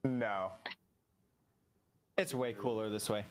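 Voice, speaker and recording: A man's voice: lowish voice, takes it slowly. A man hosting a driving event in a video game, chatting casually with friends and laughing as he explains the chaos. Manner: excited, laughing, narrating the action. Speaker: event host and player. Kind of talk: casual gaming chat with friends. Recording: faint background noise.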